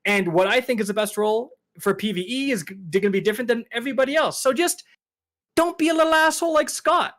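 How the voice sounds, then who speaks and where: A man co-hosting a casual gaming podcast, telling a story in an animated, ranting way and swearing freely. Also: very high voice, quick pace. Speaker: podcast co-host.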